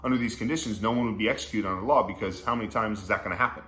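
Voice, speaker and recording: A man reading Bible passages and explaining them in a casual, slangy way, breaking into excited asides as he teaches. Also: on the low side, racing. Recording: echoey room with faint background noise.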